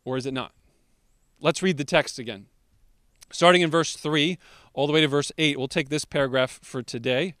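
A man preaching a sermon as pastor, slowing down to stress key words. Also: on the high side, a bit bright, no echo, studio quality.

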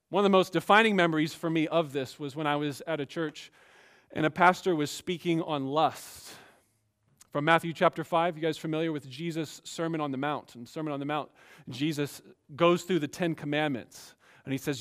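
A man preaching a sermon as pastor, emphatic, swinging between quiet asides and raised exhortation. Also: a little high, normal speed.

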